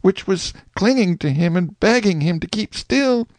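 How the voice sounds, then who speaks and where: A male audiobook narrator telling a story in a folksy, lively first-person style. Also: high voice, moderate pace, no room sound.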